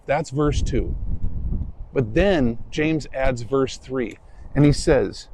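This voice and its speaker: Gravelly-voiced man preaching a sermon. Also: mid-range voice, lively intonation, moderate pace, dark tone, rough recording. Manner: conversational, self-deprecating storytelling. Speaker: pastor. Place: church sanctuary.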